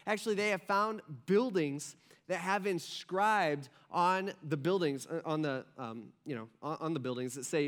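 A male pastor preaching a sermon in a casual, conversational way, often checking in with the congregation and dropping low and soft for emphasis. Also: normal speed. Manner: conversational, frequent "right?" asides; acts out quoted voices, drops soft and low for emphasis.

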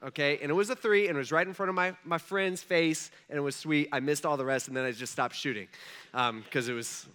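A young man preaching a casual sermon, telling stories in a chatty, animated way with lots of fillers. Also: on the high side, fairly quick, clean tone. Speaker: pastor.

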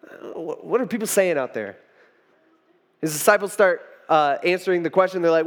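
A man's voice: on the high side, brisk. A man preaching a casual storytelling sermon, chatty and full of fillers, acting out the quotes. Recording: reverberant hall.

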